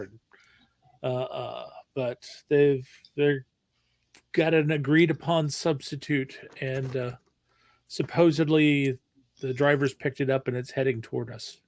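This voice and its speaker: A man on a casual stream, pitched a little high and sounding close and dry. He talks haltingly, restarting phrases and leaning on fillers. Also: dry recording. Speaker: stream co-host. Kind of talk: casual chat.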